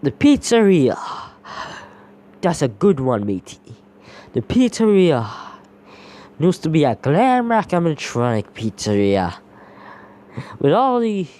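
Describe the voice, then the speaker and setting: Man voicing a salty male pirate fox robot for a fan story: pirate lingo, dark voice, swings high and low. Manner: pirate talk, drawn-out "matey".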